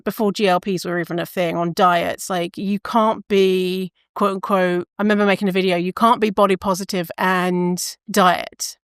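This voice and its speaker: Woman, podcast host, casual rambling monologue, mid-pitch, dry close mic. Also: clear, resonant tone, no echo. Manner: rambling, tangents, self-interrupting, swears.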